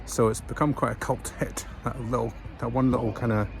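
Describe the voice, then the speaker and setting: A man's voice: medium pitch, little pitch movement, a little fast, soft background music. A Scottish man chatting casually as he walks through town for a travel vlog, rambling with plenty of fillers. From Scotland. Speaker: travel vlogger. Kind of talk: casual walking vlog narration. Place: outdoors in town streets and station, rainy. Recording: outdoor vlog with clear street noise.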